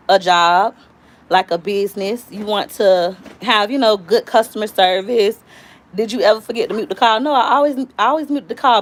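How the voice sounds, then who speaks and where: A woman from Florida hosting a casual live stream, talking candidly and acting out quoted voices as she tells stories. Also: mid-range voice. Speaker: YouTube host.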